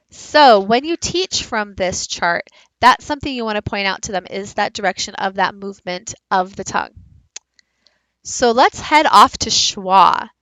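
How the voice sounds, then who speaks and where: A woman giving a recorded teaching presentation, explaining slowly and modelling speech sounds aloud. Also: medium pitch, pushed and bright, no room sound, low-quality recording. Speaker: teacher leading a book study.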